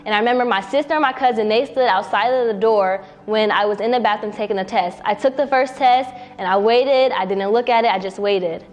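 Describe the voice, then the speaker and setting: A woman's voice: mid-range voice, a little fast, few pauses. A young woman telling a personal story casually in a documentary interview, acting out what people said. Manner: casual, acts out quoted dialogue with a rising voice.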